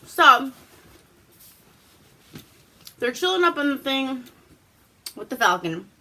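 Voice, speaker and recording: At home with a glass of wine, a woman vlogger chats her way through a movie plot at an unhurried pace. Her bright, forward voice sits high with a sing-song lilt. Her speech is loose, full of fillers and casual swearing.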